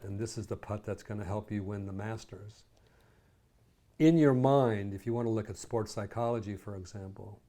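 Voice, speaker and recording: A man's voice: on the low side, mellow. A psychologist in his sixties co-hosting a podcast, chatting casually and rambling through long analogies. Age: 60s. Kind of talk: casual conversational chat.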